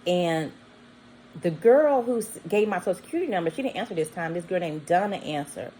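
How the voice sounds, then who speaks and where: A woman's voice: fairly low pitch, fairly quick, a little hiss or hum, rough recording. A woman casually telling a long personal story, acting out the people in it. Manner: animated, acts out quoted voices with bleeped words. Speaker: vlogger.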